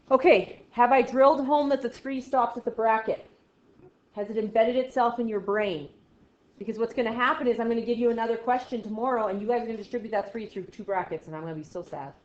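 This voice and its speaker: A woman teaching a math class in a classroom, playful and jokey, with exaggerated asides. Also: on the high side. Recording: echoey classroom, dull lo-fi sound.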